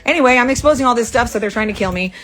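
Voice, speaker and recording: A woman venting angrily to the camera, firing off profane, rapid accusations from a rented room. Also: fairly high pitch, a bit bright. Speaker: vlogger. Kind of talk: angry venting monologue to camera.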